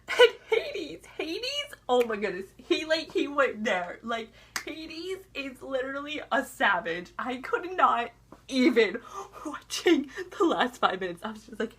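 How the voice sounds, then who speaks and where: A woman's voice: high-pitched, slow. A young woman recapping a TV episode in casual chat, acting out the characters' lines as she goes. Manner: animated, acts out characters' lines in quoted voices. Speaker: TV recap vlogger.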